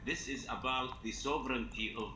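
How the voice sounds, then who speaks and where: A man's voice: medium pitch, fairly even intonation, moderate pace, low-quality recording. A man speaking as a political commentator in a televised debate, impassioned and emphatic. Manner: impassioned, emphatic, rising to loud declarations.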